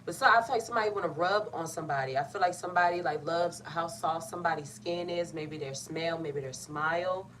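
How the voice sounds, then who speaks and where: A woman's voice: lowish voice, brisk, few pauses, fairly bright tone. A young woman giving a casual, playful tarot reading, talking in a loose colloquial way and often cutting herself off. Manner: chatty, colloquial, playful and self-interrupting. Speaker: tarot reader. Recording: slightly distant mic, faint background noise.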